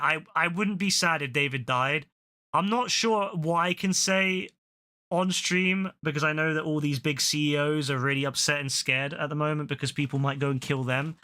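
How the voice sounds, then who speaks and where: A man's voice: fairly high pitch, pushed and bright. A young man ranting and swearing during casual live-stream chat, often repeating himself as he goes. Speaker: game streamer.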